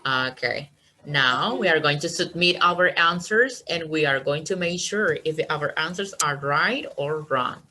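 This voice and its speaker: A woman's voice: low voice, lively intonation, unhurried, sharp tone, slight background noise, rough recording. A woman teaching an online English class, encouraging her students and checking understanding with "okay?" after each point.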